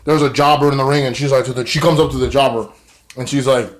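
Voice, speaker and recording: A man's voice: mid-range voice, fairly even intonation, fast talker, slight background noise. Rambling casual wrestling reviewer man. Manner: rambling, many fillers, swearing. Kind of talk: casual recap vlog.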